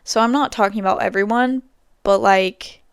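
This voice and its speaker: Young woman, podcast host, casual rambling chat, smooth clear voice, dry close sound. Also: medium pitch, moderate pace, no echo. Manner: chatty, rambling storytelling with many fillers.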